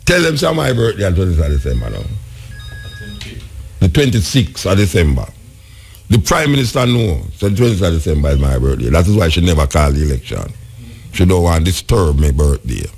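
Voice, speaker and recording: A man's voice: deep voice, very animated, fairly quick, gravelly, a little mellow, a little hiss or hum. A Jamaican man hosting a radio call-in show, commenting wryly and musing aloud. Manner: wry, musing, laughing commentary. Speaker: radio host.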